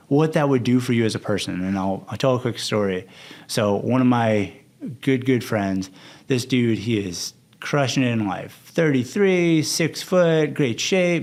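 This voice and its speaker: A man's voice: medium pitch, expressive, moderate pace, a little mellow. A young man, a coach and podcast guest, talking candidly and acting out quoted conversations. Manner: candid, storytelling, acts out quotes. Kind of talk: casual interview talk.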